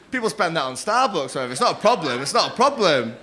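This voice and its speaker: A man's voice: high-pitched, sing-song, racing. A man doing a brash, rowdy stand-up set on a comedy club stage, working the crowd on a handheld mic. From Manchester. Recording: live comedy club with audience noise.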